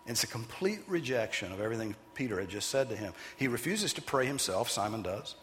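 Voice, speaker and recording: A man preaching a sermon as pastor, animated and emphatic, sometimes putting on loud voices for the people he quotes. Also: mid-range voice, brisk, long reverb tail, slight background noise.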